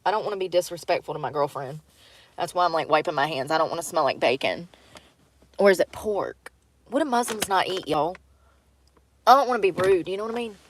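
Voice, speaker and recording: A woman's voice: lowish voice, brisk, long pauses. Blunt, laughing woman livestreaming from a truck. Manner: blunt, swearing, laughs often, answers chat. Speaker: livestream host. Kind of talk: casual livestream chat. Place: in a vehicle.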